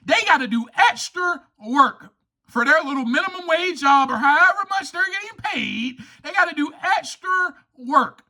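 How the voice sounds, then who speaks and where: High, bright-voiced impassioned man. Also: animated, normal speed. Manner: impassioned, preachy, rising to near-shouts. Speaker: podcast host. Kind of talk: recovery podcast monologue.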